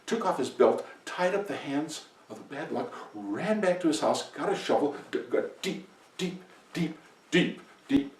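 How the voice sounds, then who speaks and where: Expressive male storyteller, echoey room. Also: a little high, distant mic. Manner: expressive, animated, with dramatic pauses. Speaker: professional storyteller. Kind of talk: live folktale storytelling.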